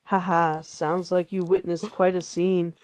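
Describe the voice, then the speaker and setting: Flat-toned cheerful text-to-speech voice. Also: medium pitch, unhurried, a little hiss or hum. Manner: cheerful and tidy, reacts with "haha" and plays along with every idea. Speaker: AI chatbot conversation partner. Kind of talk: scripted-sounding chatbot replies.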